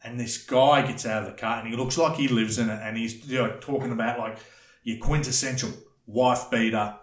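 A man telling a rambling, animated story in casual chat, swearing freely. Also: mid-range voice, brisk, echoey room. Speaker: podcast guest telling a story.

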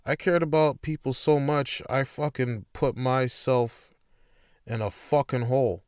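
A man's voice: mid-range voice, fairly even intonation, unhurried, clear, resonant tone, no echo, studio quality. A man hosting his own podcast, talking candidly and emphatically in a casual motivational monologue, with plenty of swearing. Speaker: podcast host.

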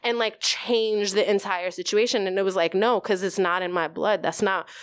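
A woman's voice: mid-range voice, fairly even intonation, moderate pace. A woman in her thirties telling her story as an interview guest, casual and candid, full of "like" and swearing freely. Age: 30s.

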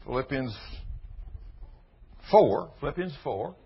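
A man preaching an informal Bible lesson, folksy, reading scripture slowly and with weight. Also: mid-range voice, lively intonation, slightly rough. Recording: dull lo-fi sermon recording.

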